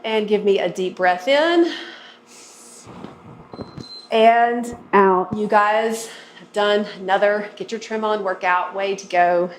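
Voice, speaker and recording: A woman's voice: mid-range voice, slow, long pauses, reverberant, a little hiss or hum. A woman fitness instructor guiding a workout and stretch, coaching and encouraging as she goes. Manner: encouraging, coaching through moves.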